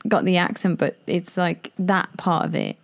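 A woman's voice: on the low side, animated, normal speed, gravelly. A woman, chatting casually and laughing often as she quizzes her partner on slang. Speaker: co-host. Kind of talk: casual chat.

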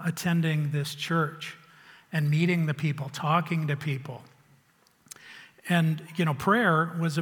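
Man, testimony, reflective and halting, slightly high voice, long hall reverb. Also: a bit bright. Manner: halting, reflective storytelling with restarts. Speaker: church member sharing testimony. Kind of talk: personal testimony.

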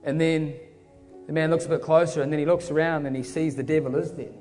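A preacher telling his story in a fervent, casual manner. His voice sits fairly high with a mellow tone. A long-echoing hall carries it, with faint music underneath. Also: steady tone, quick pace. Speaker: pastor. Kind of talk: sermon. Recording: reverberant hall with soft music.

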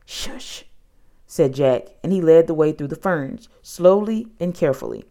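A woman narrating a children's storybook in an expressive, dramatic way. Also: deep voice, normal speed.

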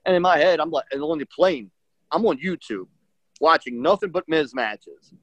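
In a casual interview, this middle-aged man, a professional wrestler, tells a story in a slightly high voice at ordinary speed, animatedly voicing what others said amid many fillers. There's no echo, and the sound is dull, lo-fi, and dry.

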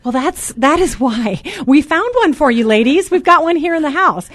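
A loud, chatty woman hosting a casual talk radio show from a studio. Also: sits high, animated, moderate pace, no room sound. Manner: loud and chatty, says so herself.

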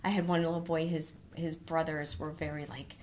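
A woman who teaches kindergarten, telling stories in a casual conversation and talking with animated swings in pitch. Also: slight background noise. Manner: animated storyteller, quick rises in pitch.

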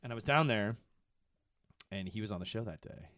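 Middle-aged man, low baseline voice, dry close sound, excitable storyteller for a casual podcast chat. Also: a little fast, no room sound. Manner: excitable storyteller, swings to high animated peaks. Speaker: podcast producer.

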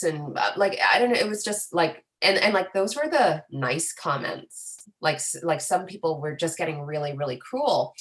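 Appearing as an interview guest, a young influencer from Canada talks at a normal speed in a lowish voice. She's animated, earnest and candid, leaning heavily on filler words.

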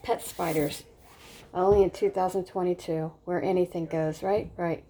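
A woman talking casually to her viewers in a rambling, excitable way, restarting sentences often. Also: on the low side, normal speed, slight background noise. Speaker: vlogger. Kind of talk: casual talk to camera.

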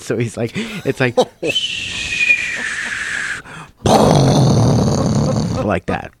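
A man, a comedian, telling a story in casual chat, getting animated and loud as he acts out a confrontation. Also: fairly low pitch, no room sound. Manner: animated, rising loud when acting out the confrontation. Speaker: comedian guest.

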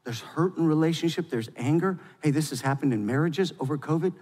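Pastor guy preaching, kinda high voice, loud then hushed, big echoey hall. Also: brisk. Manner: swings from loud and fervent to quiet and intimate. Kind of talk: sermon.

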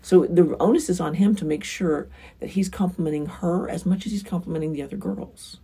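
Blunt woman with a husky, mellow voice. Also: lowish voice, a little fast. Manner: frank, blunt, emphatic. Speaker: relationship advice host. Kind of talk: casual advice monologue.

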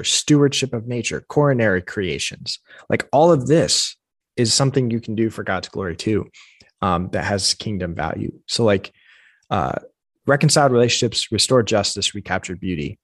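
A man's voice: on the low side, slightly rough, dry recording, studio quality. A man co-hosting a casual faith podcast, talking through ideas in an earnest, reflective way. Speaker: podcast co-host.

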